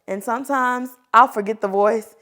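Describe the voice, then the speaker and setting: A woman preschool teacher giving a teaching demonstration of reading aloud, animated and expressive, with playful sound effects. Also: a little high, normal speed.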